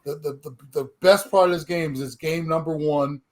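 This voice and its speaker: A man with a notably high voice co-hosts a sports podcast in a relaxed, emphatic way. He is middle-aged and talks like a former player, repeating words as he gets going. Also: moderate pace. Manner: animated, emphatic, repeats words when starting. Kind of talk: casual sports chat.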